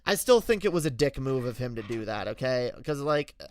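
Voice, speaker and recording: A male streamer telling a story in a candid, halting way, often restarting his sentences. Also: mid-range voice, big pitch swings, a little mellow. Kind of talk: casual storytelling rant.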